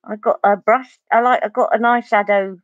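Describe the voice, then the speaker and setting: A woman's voice: medium pitch, steady tone, normal speed, no echo, lo-fi sound. Chatty Essex woman doing live makeup. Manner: chatty, reads out and answers viewer comments. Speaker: beauty vlogger. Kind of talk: live makeup tutorial chat.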